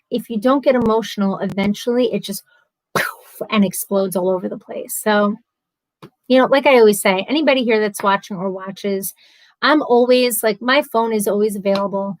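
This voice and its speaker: A woman's voice: medium pitch, a little fast, dry recording, poor audio. A woman hosting a live stream from home, chatty and earnest, talking casually and openly at length. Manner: chatty and earnest, talks a lot.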